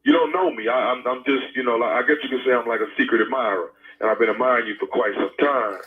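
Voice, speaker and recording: A man's voice: medium pitch, quick pace. A man making a prank phone call, talking in a hesitant, stammering, coaxing way. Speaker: radio prank caller. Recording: tinny phone-line sound.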